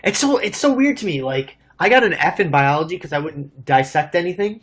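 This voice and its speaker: A man's voice: fairly high pitch, fast talker, hardly any pauses, fairly bright tone. A man co-hosting a casual livestream, chatty and joking as he answers viewer comments. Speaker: co-host and culinary school graduate.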